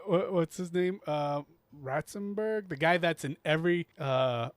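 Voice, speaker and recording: A young man chats casually as a podcast co-host, laughing easily and restarting his sentences. His voice sits a little high. The recording is dry and close, with no room sound. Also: measured pace, dry recording. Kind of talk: casual chat about a film.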